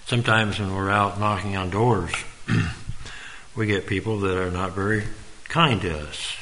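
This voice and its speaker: A man's voice: low voice, steady tone, unhurried, sharp tone, slight background noise, rough recording. A man giving an informal, earnest sermon in a folksy way, now and then calling on listeners by name. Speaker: preacher.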